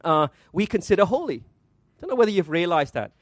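Pastor, male, high-pitched, dry close mic; preaches with rhetorical questions, slows to stress. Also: sing-song, dry recording. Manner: asks rhetorical questions, stresses words slowly. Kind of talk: sermon.

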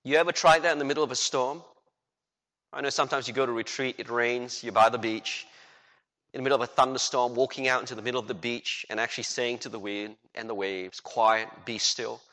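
A man preaching a sermon as a pastor, animated and full of rhetorical questions, acting out the quotes he tells. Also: medium pitch, fast talker. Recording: long hall reverb.

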